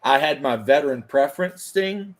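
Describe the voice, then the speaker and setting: A man's voice: on the high side, animated, moderate pace. A man in his thirties, a former firefighter, telling rambling, profane stories in casual chat. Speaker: podcast host, former firefighter.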